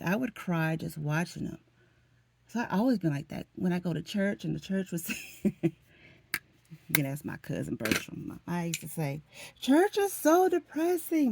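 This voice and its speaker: Talking to her camera, this Florida vlogger in middle age gets emotional and chatty, addressing her viewers as "honey" and "y'all." She has a deep, gravelly voice with a darkish tone and a breathy edge, and she speaks at a moderate pace. There's no room sound.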